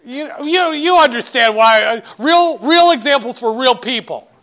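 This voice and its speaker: A man's voice: very high voice, expressive, normal speed, sharp tone. A man lecturing a class on finance, joking and wandering off topic, hammering key points. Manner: joking, digressive, emphatic.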